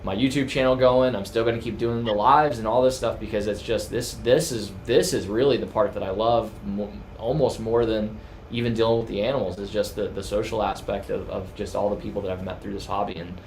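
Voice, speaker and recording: Low-voiced man, hesitant livestream host. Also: fairly even intonation, fairly quick, a little hiss or hum. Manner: hesitant, many fillers and restarts. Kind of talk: casual livestream chat.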